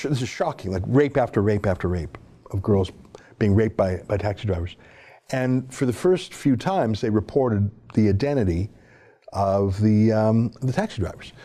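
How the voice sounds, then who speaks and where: A man's voice: medium pitch, dark tone. A man giving sarcastic, indignant opinion commentary while someone scrolls through articles for him. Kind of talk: opinion commentary reading from a screen.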